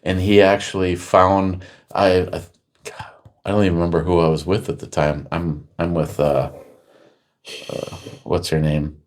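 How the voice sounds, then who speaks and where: Low-voiced rambling man telling stories. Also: little pitch movement, measured pace, pauses often. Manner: rambling storyteller acting out quotes loudly. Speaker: podcast host. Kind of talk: casual chat.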